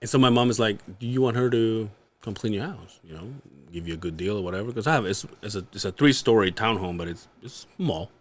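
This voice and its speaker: A man with a lowish voice that swings widely up and down as he chats. He trades raunchy jokes and laughs often as a guest on a comedy podcast, his talk loose and casual. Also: expressive, fast.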